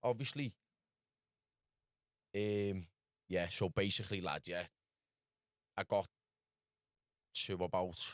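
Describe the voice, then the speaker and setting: A Scouse man from Liverpool spins a loose, rambling story as a podcast guest, dropping "lad" into nearly every line. His voice sits fairly low, and the sound is dry and close. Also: slow pace, pauses often, no room sound. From Liverpool, England. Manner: rambling, full of "lad" and "do you know what I mean". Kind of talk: casual storytelling.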